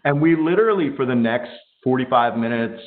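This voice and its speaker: A man recounts a work story in a relaxed, chatty way. His voice is mid-pitched. The call audio is narrow and tinny. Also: brisk. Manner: easygoing, anecdotal. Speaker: audiobook producer. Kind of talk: casual storytelling on a video call.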